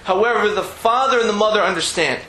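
A man's voice: high voice, fast, sharp tone, echoey room, slight background noise, rough recording. A man giving a Torah lesson, explaining texts with Hebrew terms and frequent restarts. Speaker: rabbi teaching Torah.

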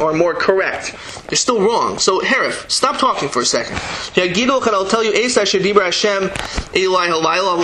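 Guy teaching torah verse by verse, pretty high bright voice, reads the then explains it, acts out the lines, bit of faint hiss behind. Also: poor audio. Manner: reads Hebrew verses then explains them in English, acting out the dialogue. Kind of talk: verse-by-verse Bible class.

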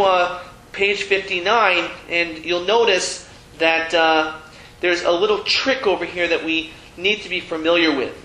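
A man's voice: high-pitched, bright, forceful tone, roomy sound, a little hiss or hum, low-quality recording. A man teaching a Hebrew reading class, chatty and self-deprecating, often restarting his sentences. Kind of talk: classroom lesson. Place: classroom with a board.

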